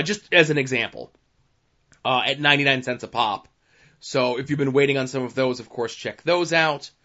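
A man's voice: medium pitch, fairly bright tone. A man co-hosting a podcast, chatting casually and rambling through a list with many fillers. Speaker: podcast co-host. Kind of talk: casual chat. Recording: dull lo-fi podcast audio.

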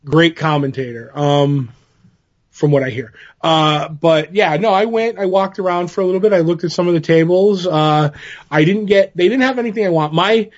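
In lo-fi audio, a podcast co-host with a slightly high voice talks at normal speed. He's chatting casually, rambling through stories with plenty of fillers and restarts.

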